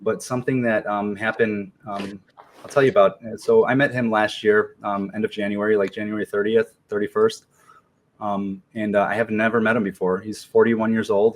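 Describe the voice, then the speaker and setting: A man in his forties, a podcast guest, telling a personal story in a relaxed, slangy way with many ums and restarts. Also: lowish voice. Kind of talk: casual storytelling interview.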